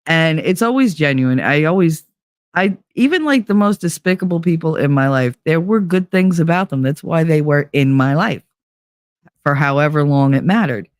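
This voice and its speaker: A woman hosting a podcast, telling a bawdy story in a casual, animated, profane way and acting out what others said. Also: low-pitched, normal speed, no room sound, studio quality. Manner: profane, animated, acts out quoted dialogue. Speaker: podcast host.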